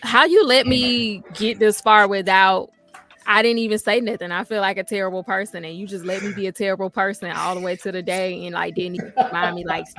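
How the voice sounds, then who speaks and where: Gravelly-voiced woman co-hosting a chat. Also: medium pitch, brisk, soft background music. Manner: animated, playful teasing. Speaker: co-host. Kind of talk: casual chat.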